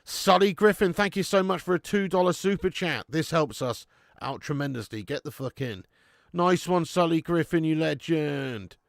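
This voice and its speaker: Gravelly-voiced English man hosting a watch-along. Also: a little high, expressive, moderate pace, no echo, studio quality. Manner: casual banter reading chat comments; laughs often, calls people mate. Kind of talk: live football watch-along chat.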